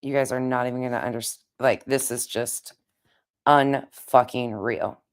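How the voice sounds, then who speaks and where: A woman live-streaming in a casual, chatty way, greeting viewers by name, with a raspy voice. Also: very deep voice, fairly even intonation, unhurried.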